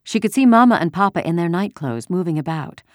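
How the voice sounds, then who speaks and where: Low-voiced woman reading a story. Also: animated, a little fast, dry recording. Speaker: narrator. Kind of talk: storybook narration.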